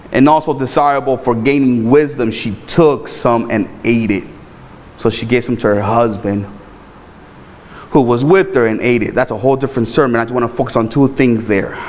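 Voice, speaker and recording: A man preaching a sermon in a loose, animated, conversational way, repeating words and tossing in playful asides. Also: medium pitch, big-room sound. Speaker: pastor.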